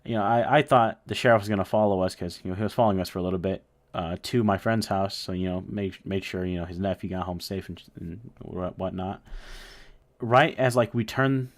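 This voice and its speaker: A man's voice: low-pitched, fairly quick. A young man casually telling a story, rambling and swearing with lots of fillers. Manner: rambling, profane, full of fillers.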